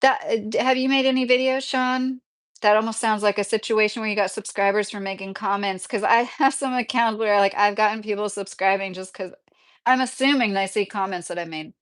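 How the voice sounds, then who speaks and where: A woman's voice: mid-range voice, fairly even intonation, fairly quick. A rambling, talkative woman in her thirties with a faint Midwestern accent, answering viewers on a casual livestream. She drifts from thought to thought and laughs often as she goes. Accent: slight Midwestern. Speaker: streamer answering viewer questions.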